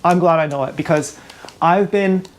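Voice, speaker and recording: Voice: mid-range voice, normal speed, slight background noise. A YouTuber venting in an emotional vlog, agitated, profane and rambling, fired up and upset, talking into a GoPro camera while streaming live indoors.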